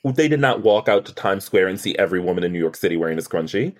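A man co-hosting a casual chat podcast, talking with a lively, swinging pitch that sits low in his register. He swears freely and keeps dropping into quick impressions of the characters as he recaps the episode. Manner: animated, profane, acts out characters' lines. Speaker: podcast co-host.

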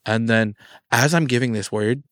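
A man's voice: medium pitch, normal speed, a bit bright, no room sound. Guy telling a story in a chill chat, acts out the quotes, dry mic. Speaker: guest.

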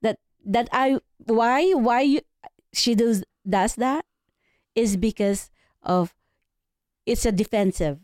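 A woman's voice: fairly high pitch, slow pace, pauses often, no echo, clean studio sound. Middle-aged woman searching for words. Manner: searches for words, gentle advising tone. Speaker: podcast guest, host's mother. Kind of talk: casual family chat.

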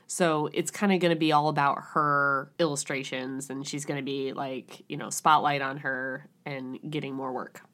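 A woman's voice: very deep voice, steady tone, moderate pace, few pauses, a bit bright. A woman co-hosting a casual podcast, chiming in and filling in details of the story. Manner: chatty, adds details, laughs along. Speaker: podcast co-host. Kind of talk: casual chat.

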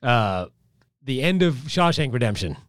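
Podcast cohost guy rambling through stories, lots of uh and cursing, smooth voice, dry close sound. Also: medium pitch, sing-song, unhurried, no room sound. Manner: rambling storyteller, profane, with many fillers and restarts. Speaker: podcast co-host. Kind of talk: casual chat.

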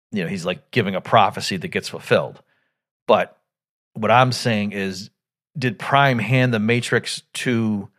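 Rambling low-voiced man recapping a film. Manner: rambling, thinks aloud with many restarts; acts out quoted lines with sudden loud jumps. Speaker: podcast host. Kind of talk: casual film commentary.

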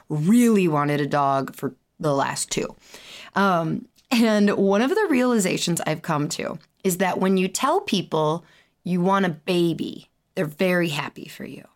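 A woman hosts her own podcast in a loose, chatty style, laughing often and tossing in the odd curse. She sounds worn out but stays animated. Her voice sits a little low for a woman. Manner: chatty and animated, with frequent fillers, laughs and casual swearing. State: tired. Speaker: podcast host and chiropractor. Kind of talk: casual solo podcast chat.

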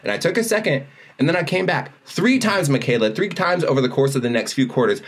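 With a voice on the high side, this man talks fast as a podcast co-host. He tells a story in an easygoing chat, bringing it to life by acting out everyone's lines.

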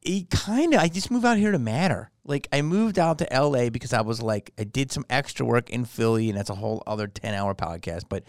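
A man's voice: medium pitch, lively intonation, fairly quick, few pauses, no echo, clean studio sound. A man from Philadelphia, a comedian, telling profane stories in a casual podcast chat. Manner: profane, storytelling. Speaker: comedian guest.

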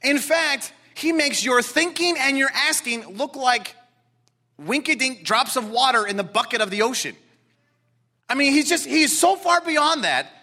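A man preaching a sermon to a congregation in an animated, emphatic way, repeating words for stress. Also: very high-pitched, unhurried. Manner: excitable, talks directly to congregation. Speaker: pastor.

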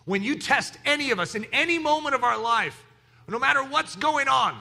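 A man preaching a sermon as pastor of his church, animated, moving from quiet asides to shouted exclamations. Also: very high-pitched, moderate pace, vocal fry.

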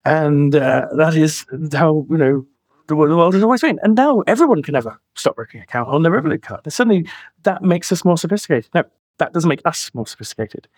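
A man's voice: a little high, expressive, brisk, darkish tone, no echo. A man in his forties, a financial planner speaking as a podcast guest, talking emphatically and reaching for colorful analogies. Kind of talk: podcast interview.

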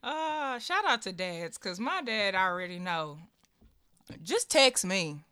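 A young woman co-hosting a podcast, telling profane stories and acting out quotes in casual chat. Her voice is bright and mid-pitched, recorded close and dry. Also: very animated, slow pace, clear, resonant tone, dry recording. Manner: storytelling with acted-out quotes, profane, laughing asides. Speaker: podcast co-host.

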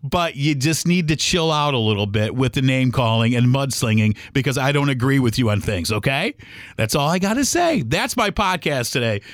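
A man's voice: mid-range voice, expressive, normal speed, no echo, studio quality. A middle-aged man hosting a solo podcast, talking in a rambling, heated way with many restarts and acted-out quotes. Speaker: podcast host.

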